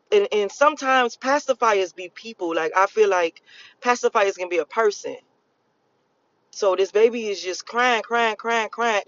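Speaking to camera in a dry, muffled recording, a woman with a medium-pitched voice explains a spiritual channeling reading. She's a vlogger, and her casual monologue is rambling, emphatic, profane, and full of repetition.

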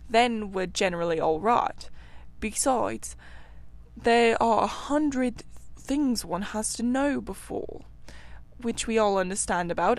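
A woman voicing a brave, good-natured male water rat, speaking in a brisk, soothing and hearty way in a storybook reading. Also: medium pitch, close to an everyday voice.

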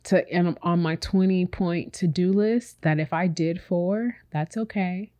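A woman with a slightly low voice talking openly on a podcast. She rambles in a relaxed, reflective way, full of fillers, and speaks right to her listeners as if they were friends. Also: a little slow. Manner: speaks directly to listeners as "y'all". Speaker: podcast co-host. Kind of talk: casual chat.

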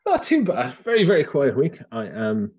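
A man's voice: mid-range voice, wildly swooping pitch, moderate pace, a little mellow, husky. A man co-hosting a podcast in casual chat, dry and understated. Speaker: podcast co-host.

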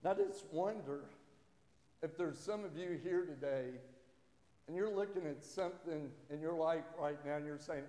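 A man's voice: a little high, a little mellow. Man preaching in an echoey church hall. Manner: conversational, halting restarts, acts out quoted voices. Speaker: pastor. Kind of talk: sermon with jokes and stories. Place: church sanctuary.

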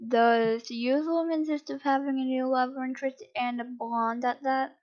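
A woman's voice: sits high, fairly even intonation, moderate pace, highs cut off, close to an everyday voice. A woman reading aloud, voicing a stern, tired father who is protective and harsh. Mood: suspicious.

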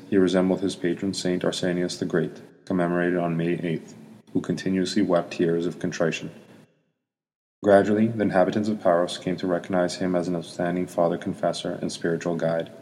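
Male narrator, solemn scripted read, very deep and flat, reverberant. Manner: even, solemn reading. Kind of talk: scripted narration of a saint's life. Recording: long hall reverb.

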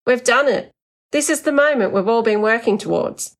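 A woman playing an eager middle-aged male inventor who talks in an excited, bouncing way. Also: medium pitch, normal speed, voice pushed up, lightly acted. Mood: triumphant.

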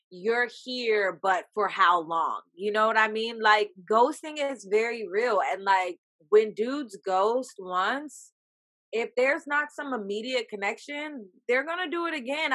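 A young woman talking casually about a TV episode, acting out her own reactions in lively quotes. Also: on the high side. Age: young adult. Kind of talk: casual TV recap chat.

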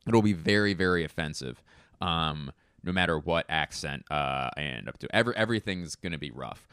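A man's voice: extremely low pitch, expressive, fairly quick, fairly bright tone, clean tone, dry recording, studio quality. A man doing a rambling comedic monologue, self-mocking and profane.

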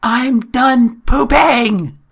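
A man voicing a three-year-old girl who shouts insistently for her dad. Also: a little high, extremely slow, slightly rough, pitched above the performer's own voice, exaggerated voice. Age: child voice.

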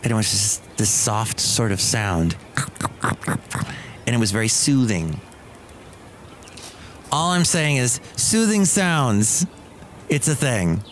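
A man's voice: medium pitch, expressive, slow pace, long pauses, slight background noise. A middle-aged man hosting a podcast, rambling through a casual comic monologue with restarts and asides. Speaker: podcast host.

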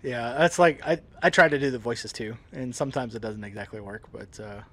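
A man hosting a podcast, chatting casually and laughing often, in a relaxed, joking way. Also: medium pitch, brisk, a little hiss or hum. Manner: laid-back, jokey, laughs often. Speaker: podcast host. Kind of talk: casual chat.

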